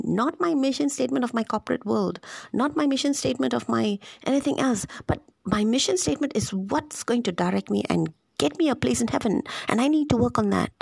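A woman's voice: a little high, gravelly, darkish tone, slightly rough, dry recording. A woman giving an informal, conversational scripture reflection, thinking aloud and repeating words as she goes.

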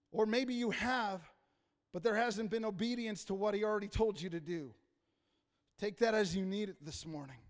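A man preaching a passionate sermon as pastor, rising to loud emphasis and dropping to quiet asides. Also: sits high. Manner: impassioned preaching, rising and falling in volume. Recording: reverberant hall.

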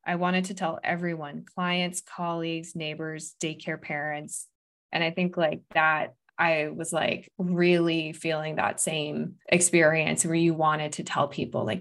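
An earnest woman in her thirties hosts a podcast conversation. Her voice sits slightly low, and she speaks emphatically, filling her sentences with likes and restarts. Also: level tone, moderate pace. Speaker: podcast host. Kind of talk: candid conversation.

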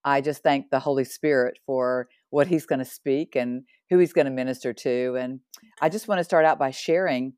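Woman in her 60s, low pitch, dry recording. Podcast guest giving a lively, earnest testimony. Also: moderate pace, clear, resonant tone, no room sound. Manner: animated and earnest, with laughs and asides. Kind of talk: personal faith testimony.

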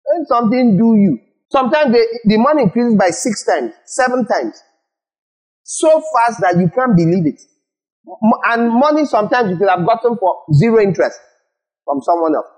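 A man's voice: very high voice, animated, moderate pace, poor audio. A man from Nigeria preaching a sermon as pastor, acting out little scenes and repeating words for emphasis.

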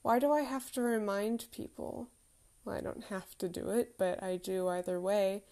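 A woman's voice: medium pitch, fairly even intonation, normal speed, dark tone. A woman in her thirties telling a candid, reflective personal story with self-deprecating humour.

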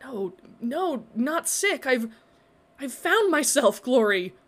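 A woman voicing a dreamy young man in a storybook reading, earnest and rambling in a halting way. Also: mid-range voice, lightly acted. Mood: awestruck. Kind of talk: storybook character voice.

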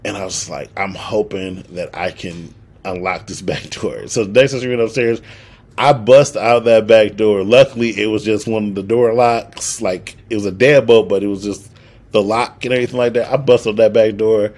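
Young male podcast co-host, low husky voice, casual profane storyteller who acts out the dialogue. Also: fairly even intonation, normal speed, darkish tone.

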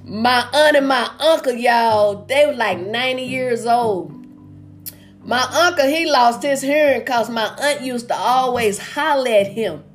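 Woman, high voice, folksy stand-up storyteller, video call. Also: unhurried, faint music behind. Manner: folksy storyteller, acts out characters' lines. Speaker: stand-up comedian. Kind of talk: stand-up joke telling. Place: home, virtual comedy show.

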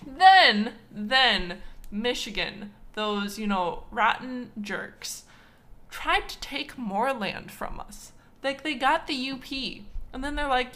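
A woman's voice: fairly high pitch, sharp tone. A woman from Wisconsin hosting a casual history podcast, chatty and playfully indignant, with lots of fillers. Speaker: podcast host.

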